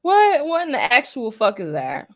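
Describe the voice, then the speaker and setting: A woman's voice: high voice, wildly swooping pitch, moderate pace. A woman hosting casual opinion commentary, blunt and profane, heavy on slang and repeating her points for emphasis. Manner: slang-heavy street talk. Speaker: commentary channel host.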